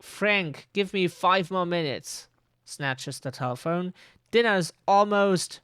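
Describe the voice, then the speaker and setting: A man's voice: high-pitched, takes it slowly, a bit bright, clear, resonant tone, no echo, clean studio sound. A man reading game dialogue aloud, voicing a worried 1960s housewife in a raised, pleading voice. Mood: hurried.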